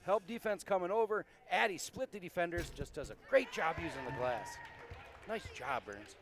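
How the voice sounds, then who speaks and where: A man calling a high school basketball game on a headset, hyped and folksy, teasing his partner. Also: expressive, moderate pace. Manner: hyped, folksy, calls partner buddy and son. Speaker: play-by-play announcer.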